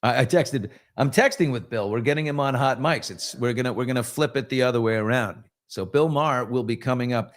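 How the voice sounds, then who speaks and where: A middle-aged man hosting a relaxed morning chat, with a voice of ordinary pitch. He reads viewer comments and slides into long, joking anecdotes full of asides and restarts. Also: brisk, few pauses. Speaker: host. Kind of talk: casual live show chat and storytelling.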